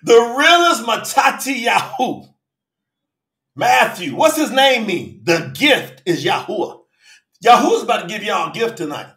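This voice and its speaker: A man leads a livestream sermon with a strikingly high, bright voice, calling out viewers by name. He swings between shouting and murmuring, and the room rings with echo. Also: big pitch swings, moderate pace, gravelly. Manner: fervent, calls out to viewers by name. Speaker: preacher hosting a live Bible study.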